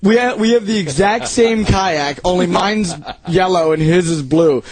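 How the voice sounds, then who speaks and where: High-pitched radio host guy rambling a story, cussing, laughing a lot, studio mic. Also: measured pace, crowd noise. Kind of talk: casual storytelling chat.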